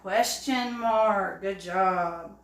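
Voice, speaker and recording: Woman teacher, patient and encouraging, slow delivery, echoey classroom-style sound. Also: mid-range voice. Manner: slow, encouraging, with drawn-out examples. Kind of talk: early-grade phonics lesson. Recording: echoey room.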